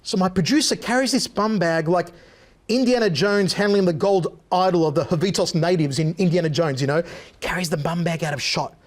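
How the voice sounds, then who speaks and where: High-voiced man telling stories. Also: brisk. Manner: animated anecdote-telling, punchy. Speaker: guest. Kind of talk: casual storytelling interview.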